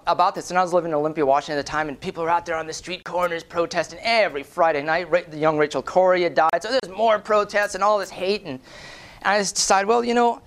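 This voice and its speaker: A man giving a lively storytelling presentation at a conference, animated and profane, often tagging lines with "right?". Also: sits high, clear, resonant tone. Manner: acts out quoted voices. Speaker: conference speaker.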